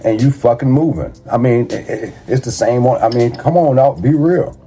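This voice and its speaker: A man's voice: medium pitch, normal speed, mellow. A man talking casually and bluntly, full of profanity and street slang, giving advice in a conversational monologue. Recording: music playing behind the voice. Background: music.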